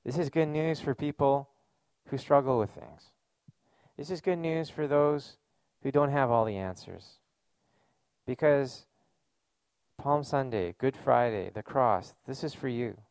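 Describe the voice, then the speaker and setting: Male pastor, gravelly, dry close sound, casual earnest sermon delivery. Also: mid-range voice, unhurried, darkish tone, dry recording. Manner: conversational, earnest preaching with casual fillers.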